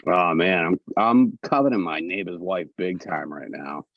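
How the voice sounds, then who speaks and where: A man's voice: low-pitched, moderate pace, gravelly, no room sound, muffled recording. A man doing comedic debate banter from home, brash and profane, rambling as he riffs.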